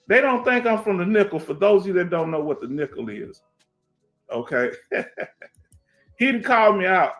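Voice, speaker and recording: A man's voice: high-pitched, lively intonation, normal speed, long pauses, fairly bright tone, faint music behind. A middle-aged veteran man with a Houston accent, hosting a casual livestream, reading chat and talking emphatically with lots of repetition. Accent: Houston Black American English. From Houston, Texas. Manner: streetwise, emphatic, repeats himself, asks "you understand?". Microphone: headset.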